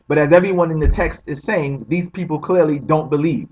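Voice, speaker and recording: A man with a somewhat high, husky voice speaks in a casual, emphatic commentary style. He repeats words and stacks rhetorical questions, checking in with a quick "right?" as he goes. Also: darkish tone. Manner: keeps asking the listener "right?". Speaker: religious commentary host.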